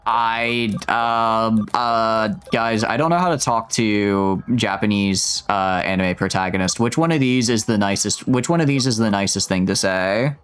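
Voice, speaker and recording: A man streaming a video game live, joking with his chat in an animated, rambling way and often stammering and restarting his sentences. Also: lowish voice, unhurried, hardly any pauses, smooth. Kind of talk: live gameplay commentary. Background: faint game music.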